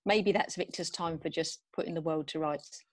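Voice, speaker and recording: A woman co-hosting a podcast, chatting thoughtfully with many pauses. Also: low-pitched. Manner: thoughtful, hesitant with fillers. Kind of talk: casual chat.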